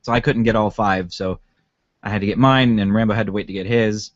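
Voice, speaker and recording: A man's voice: fairly low pitch, steady tone, a little fast, no room sound, highs cut off. A man co-hosting a podcast in casual chat, rambling with lots of fillers and laughs. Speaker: podcast co-host.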